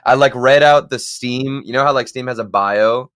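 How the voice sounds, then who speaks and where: A man's voice: mid-range voice, normal speed, smooth, no echo, clean studio sound. A young man on a podcast, telling stories in casual chat and rambling as his voice drops off at the ends of phrases. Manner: rambling storyteller, trails off quietly. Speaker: podcast guest.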